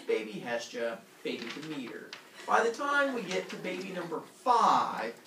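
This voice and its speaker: Animated male teacher telling a comic myth. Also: a little hiss or hum. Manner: animated, puts on squeaky voices for characters. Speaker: teacher telling myths to a class. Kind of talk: comic classroom storytelling. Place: classroom with students. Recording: echoey room, far from mic, students audible.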